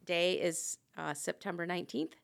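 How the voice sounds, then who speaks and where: A woman's voice: on the low side, level tone, moderate pace, creaky. A woman co-hosting a casual podcast, joking around playfully and laughing easily. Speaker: podcast co-host.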